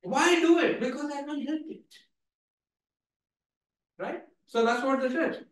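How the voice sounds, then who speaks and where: A man gives a playful seminar talk, keeps punctuating with "right?" and pushes his points hard. His voice sits high for a man, and it comes from some way off the mic in a very echoey lecture hall. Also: unhurried, distant mic. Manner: playful, emphatic, with many repeated "right?" tags. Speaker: guest speaker.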